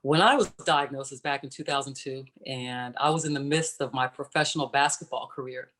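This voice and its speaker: A woman's voice: extremely low pitch, a little fast, fairly bright tone. A woman in her forties, a former pro athlete, telling her personal story on a virtual panel over a video call, conversational and explaining as she goes. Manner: conversational, explains and checks in with "right?". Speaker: panelist, former professional basketball player.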